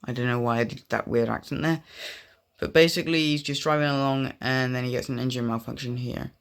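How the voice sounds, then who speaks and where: A man's voice: medium pitch, steady tone, a little fast, a bit bright, clean tone. A young man giving casual, rambling commentary over racing game footage, often drifting off on tangents. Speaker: gaming video creator.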